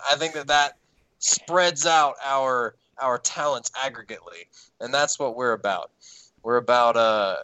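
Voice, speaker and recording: A man with a Southern American drawl talks in a bright, smooth voice. He chats in an easygoing way, laughing now and then, and the sound is close and dry. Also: mid-range voice, dry recording, rough recording. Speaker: wrestling manager guest. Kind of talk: casual podcast chat.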